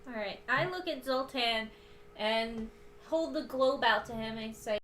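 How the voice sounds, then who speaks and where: A woman's voice: on the high side, a little slow, fairly bright tone. A woman playing in a tabletop role-playing game, playful and often laughing. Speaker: player. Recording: roomy with faint background noise.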